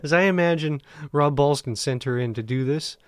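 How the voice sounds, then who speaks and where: Male comic co-host, higher pitch, quick teasing quips, dry close sound. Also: no echo. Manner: joking, teasing interjections. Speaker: comedian podcast co-host. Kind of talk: casual chat.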